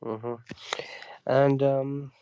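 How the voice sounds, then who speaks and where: A man calling in to a live stream, soft-spoken and hesitant, stumbling over his words. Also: mid-range voice, level tone, drawn-out words, clean tone, dry recording, muffled recording. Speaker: caller. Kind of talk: call-in conversation.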